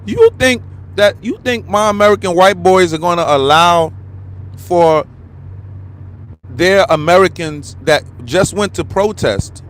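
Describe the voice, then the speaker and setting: A man with a notably high-pitched voice delivers a fired-up live-stream rant. He repeats himself for emphasis and drops casual slang like "bruh" and "bro" between points. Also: lively intonation, unhurried. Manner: heated, repetitive, slangy, calls listener "bro". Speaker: online commentator.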